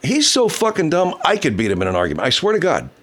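A man's voice: a little high, huge pitch swings, fast. A man hosting a casual livestream, reading viewer comments, swearing heavily and ranting angrily. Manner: baby talk to his pet cat. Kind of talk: casual profane livestream chat.

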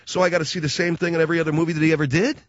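A man hosting a show, delivering a sarcastic comic rant that swings between loud mocking outbursts and low muttered asides. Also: little pitch movement, very fast, dry recording, highs cut off.

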